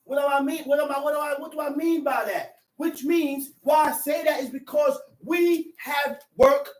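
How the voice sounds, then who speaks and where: Man preaching, high voice, impassioned, echoey room, from far off. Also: normal speed. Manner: impassioned, shouting and near tears at times. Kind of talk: sermon.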